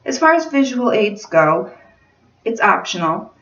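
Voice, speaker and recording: A woman teacher explaining speech requirements to her students in a clear, deliberate instructional manner. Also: mid-range voice, sing-song, a bit bright. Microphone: phone camera at a distance. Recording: roomy, distant, dull phone-camera audio.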